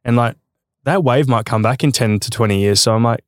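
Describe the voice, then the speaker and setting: A young man, a guest on a podcast, chatting in a relaxed, rambling way with lots of fillers. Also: medium pitch, fairly quick, dry recording, clean studio sound. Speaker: guest athlete. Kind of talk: casual chat.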